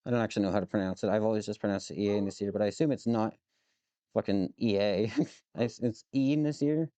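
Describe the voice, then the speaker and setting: A man's voice: fairly low pitch, little pitch movement, racing, mellow, no echo. A man live streaming as he works with his hands, muttering to himself, swearing freely and joking with his chat. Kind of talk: casual live-stream chat while working.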